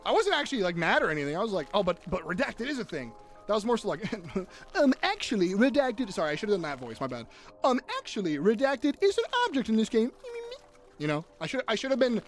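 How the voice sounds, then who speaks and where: A young man chatting casually on a live gaming stream, jokey and swearing, quick to tear up. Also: high voice. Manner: animated, swearing, jokey, easily teary.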